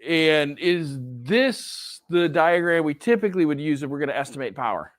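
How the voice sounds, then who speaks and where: A man's voice: fairly high pitch, animated, normal speed. A male professor giving a classroom lecture in a conversational way, often checking in with "right?". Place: lecture hall.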